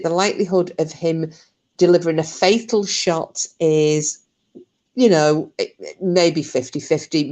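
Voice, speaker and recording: A woman's voice: fairly low pitch, darkish tone. A woman hosting her channel, casually retelling a true story, chatty, swearing freely and laughing often.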